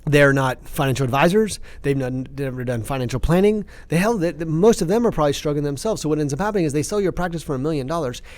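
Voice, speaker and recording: A man in passionate podcast talk, fired up and emphatic, ranting with quick restarts. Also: on the high side, darkish tone, no room sound. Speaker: company CEO, podcast guest expert.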